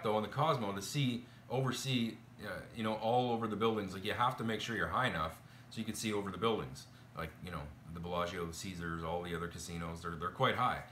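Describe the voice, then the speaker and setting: A man's voice: fairly low pitch, fairly bright tone, slight background noise. A man vlogging, telling a complaint story in a chatty, exasperated way with lots of fillers. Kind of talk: casual complaint storytelling to camera. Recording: echoey room.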